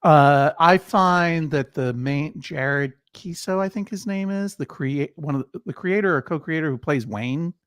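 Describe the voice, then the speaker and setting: A man's voice: a little high, a little slow, hardly any pauses, fairly bright tone, smooth, dry recording, studio quality. A man hosting a casual online talk show, playful and rambling, with absurd asides. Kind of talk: casual video chat.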